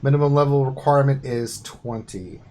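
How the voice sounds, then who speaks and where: A man's voice: medium pitch, steady tone, moderate pace, a little mellow, a little hiss or hum. A man co-hosting a casual gaming live stream, reading update notes aloud with joking asides. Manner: reads patch notes aloud, then jokes and asides.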